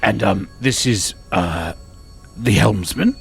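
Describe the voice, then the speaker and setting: A man speaking as a player in a tabletop game, hesitant and often pausing as he introduces his crew. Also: fairly low pitch, vocal fry, faint music behind. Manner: hesitant, full of pauses. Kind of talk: casual in-character play.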